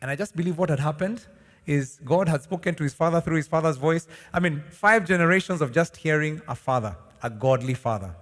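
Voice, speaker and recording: A man preaching a sermon as pastor, animated, asking the congregation questions and laughing as he teaches. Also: fairly high pitch, a little fast. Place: large church hall. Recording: long church hall reverb.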